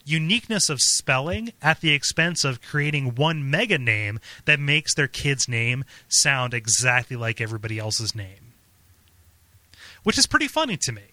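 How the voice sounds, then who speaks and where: A man's voice: medium pitch, very animated, moderate pace, bright, forceful tone, no room sound. A man co-hosting a podcast in casual chat, stammering and repeating his words and laughing often. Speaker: podcast co-host.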